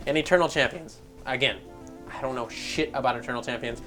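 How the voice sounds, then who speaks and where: A man's voice: mid-range voice, brisk, sharp tone, soft background music. Man ranting profanely about game news. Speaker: gaming news host. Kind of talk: casual commentary.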